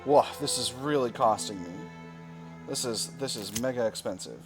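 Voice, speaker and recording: A man's voice: mid-range voice, moderate pace, over music. A man commenting on a strategy game he is playing, thinking aloud with dry, wry asides. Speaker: gaming video host.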